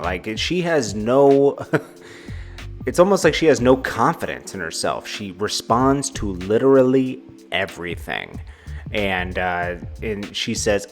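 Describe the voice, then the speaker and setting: A man hosting a celebrity news vlog, reading out quotes and giving casual, amused commentary with chuckling asides. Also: lowish voice.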